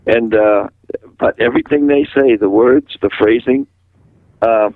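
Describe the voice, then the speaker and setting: A man's voice: mid-range voice, a little slow, dry recording. Older guy from massachusetts on the phone, thin tinny line, dry sound, telling stories and doing everyone's voices. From Massachusetts, USA. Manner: animated storyteller who acts out quoted voices. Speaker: interviewee, musician. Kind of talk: rambling storytelling in a phone interview.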